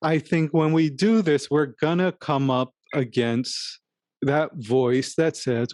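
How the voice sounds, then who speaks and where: A man co-hosting a casual talk show, telling a personal story in a halting, rambling way with many restarts. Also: on the high side, fairly even intonation, darkish tone, dry recording, clean studio sound. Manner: self-reflective, acts out his own inner voice. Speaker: podcast co-host. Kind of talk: casual conversation.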